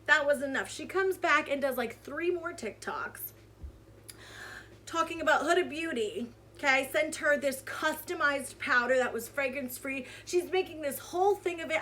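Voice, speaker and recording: A woman's voice: sits high, pushed and bright, slight background noise. A woman vlogger giving casual commentary on online drama in a heated, sarcastic rant.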